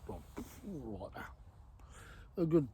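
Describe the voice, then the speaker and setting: Man, middle-aged, rambling riverside storyteller, mellow, slightly high-pitched. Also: sing-song, very slow, a little hiss or hum. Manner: rambling, chatty, blunt and swears freely. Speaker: fishing vlogger. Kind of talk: casual storytelling to camera. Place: outdoors by a river.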